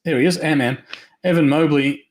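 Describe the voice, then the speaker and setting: A man hosting a live trading card break, rattling off names quickly and upbeat, his voice going hoarse. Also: fairly high pitch, steady tone. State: losing his voice.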